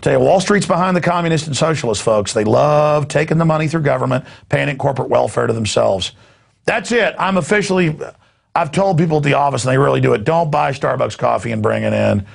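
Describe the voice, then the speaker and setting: Host, male, gravelly and husky, rambling sarcastic news rant. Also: fairly high pitch, fast. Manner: sarcastic, rambling, laughing asides.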